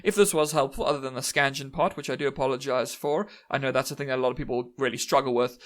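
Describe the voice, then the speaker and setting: A man's voice: mid-range voice, steady tone, quick pace. A man giving a casual online lecture on poetry in a chatty, self-deprecating way that often adds "right?". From South Africa.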